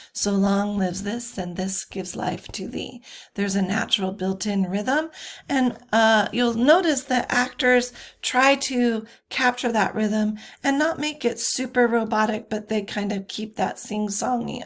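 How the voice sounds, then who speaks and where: Female lecturer, unhurried and halting, mid-pitched, filler-heavy slide talk. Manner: slow, many fillers and self-corrections. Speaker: teacher.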